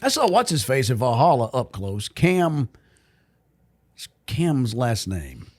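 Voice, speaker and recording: A man's voice: mid-range voice, wildly swooping pitch, takes it slowly, darkish tone. A middle-aged man co-hosting a podcast, telling jokey, rambling stories. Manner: joking, rambling storyteller. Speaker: podcast co-host. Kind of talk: casual chat.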